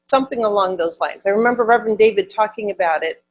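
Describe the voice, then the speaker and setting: A woman's voice: mid-range voice, fast, dull audio, faint music behind. A woman from Wisconsin, a minister giving a conversational Sunday sermon, repeating words for emphasis.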